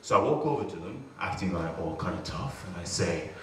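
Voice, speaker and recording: A man tells a rowdy comic story on stage, swearing freely and acting out each scene. His voice swoops up and down with energy. He is heard from far off in a very echoey hall with clear live noise. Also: low voice, expressive, fairly quick. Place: stage before a live audience.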